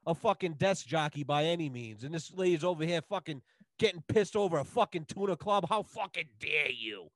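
Loud swearing man, high voice. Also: fairly quick, no room sound. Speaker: podcast guest. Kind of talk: casual profane rant.

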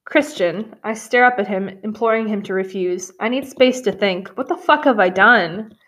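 A woman reads a romance novel aloud for laughs, her voice at an ordinary middle pitch. She keeps stepping out of the text to add dry, sarcastic remarks. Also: moderate pace, a bit bright. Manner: wry, sarcastic asides between read passages. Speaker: podcast host reading a novel aloud. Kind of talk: comedic dramatic reading with commentary.

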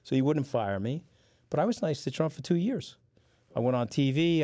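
A man's voice: a little high, expressive, normal speed, warm tone, no echo, studio quality. A middle-aged man with a New York accent, guest on a casual chat show, telling stories bluntly and swearing freely. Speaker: podcast guest. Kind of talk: profane storytelling in casual chat.

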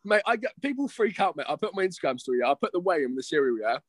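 A man's voice: sits high, sing-song, rapid-fire, no echo. A young man chatting casually as a guest, rambling, swearing and calling everyone mate and bro. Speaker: guest, competing bodybuilder. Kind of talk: casual chat.

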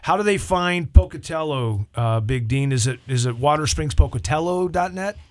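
Upbeat pastor hosting a radio show. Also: male voice, a little high, animated, normal speed. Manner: upbeat, talkative, leads prayer. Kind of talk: casual radio chat.

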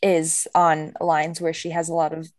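A woman's voice: sits low, completely flat delivery, normal speed, darkish tone, dry recording, clean studio sound. A woman hosting a casual fan podcast, chatty and playful, rambling with many restarts. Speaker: podcast host.

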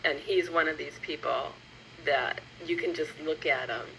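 A woman co-hosting a casual chat, laughing along and chiming in with quick agreement. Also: sits low, creaky, bright, forceful tone, slight background noise, poor audio. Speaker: podcast co-host.

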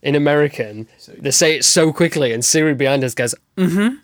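A man's voice: mid-range voice, a little fast, no echo. Podcast co-host, man, loose rambling storyteller, dry close sound. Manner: rambling, swearing, laughing storyteller. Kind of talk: casual chat.

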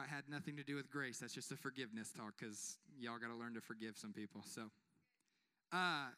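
A man's voice: a little high, bright, forceful tone. A young man giving a conversational, joking sermon as a pastor, often asking the congregation to respond. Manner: conversational, joking, asks the crowd for amens.

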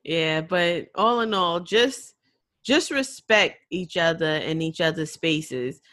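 A woman's voice: low voice, takes it slowly, a bit bright, dry recording. A woman co-hosting a podcast, giving earnest, frank advice with casual swearing. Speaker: podcast co-host.

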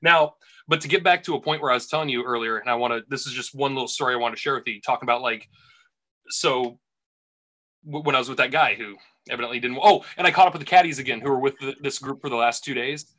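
Bright-voiced rambling male storyteller. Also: medium pitch, fast. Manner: rambling, animated storyteller with many restarts. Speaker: podcast host and golf caddy. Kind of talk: casual storytelling chat.

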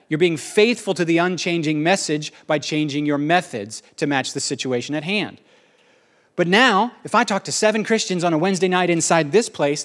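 A middle-aged man delivers a sermon in a quick, animated way. His voice sits fairly high for a man, and he often breaks into playful asides. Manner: animated, fast-talking, jokey asides. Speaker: pastor.

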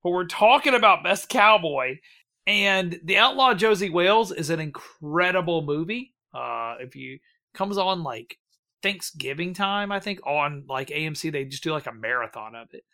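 A man's voice: on the high side, lively intonation, normal speed, pushed and bright. A man hosting a casual podcast chat, rambling with lots of ums, laughing and swearing as he runs a bracket vote.

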